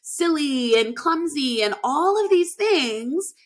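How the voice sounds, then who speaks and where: A woman's voice: sits high, animated, slow pace. A woman hosting a podcast, affirming her guest and acting out inner-critic voices along the way. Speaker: podcast host psychologist. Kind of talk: casual interview conversation.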